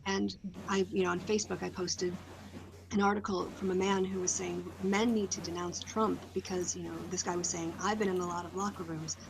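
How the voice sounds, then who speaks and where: Slightly low-voiced woman hosting a noisy video call. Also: little pitch movement, brisk, gravelly. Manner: thoughtful, speculative, many fillers. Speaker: host. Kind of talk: casual online discussion.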